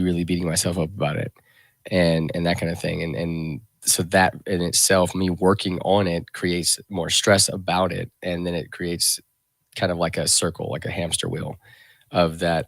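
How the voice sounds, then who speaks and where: A man hosting a radio talk show, speaking reflectively in a rambling, halting way full of restarts and fillers. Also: deep voice, gravelly, dry recording.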